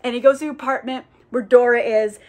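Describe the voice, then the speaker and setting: A woman's voice: fairly high pitch, fairly even intonation, fast talker, a little mellow. A young woman recapping a novel in a chatty, profane, casual way, full of filler words. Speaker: book reviewer.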